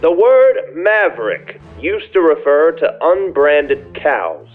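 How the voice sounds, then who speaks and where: A man's voice: on the high side, very animated, slow pace, narrow, tinny audio, faint music behind, pitched above the performer's own voice. A man voicing a pompous old male university president giving a speech in a put-on Savannah Southern accent. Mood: pompous, declaiming. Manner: lofty, declaiming.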